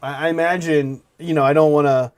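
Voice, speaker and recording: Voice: medium pitch, steady tone, a little fast, clean tone. A co-host of a casual hobby livestream who rambles loosely and swears offhand.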